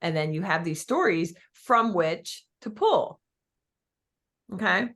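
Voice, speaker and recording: A woman coaching real estate agents in an energetic, chatty way, with many fillers and small restarts. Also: fairly low pitch, takes it slowly. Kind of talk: coaching talk to an audience.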